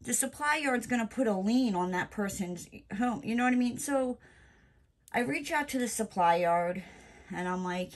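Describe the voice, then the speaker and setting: A woman's voice: on the high side, lively intonation, moderate pace. A woman venting in a casual crafting vlog, exasperated and emphatic, full of "you know" and "like.". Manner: lots of fillers like "you know" and "like". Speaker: crafting vlogger. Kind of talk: casual chat while crafting.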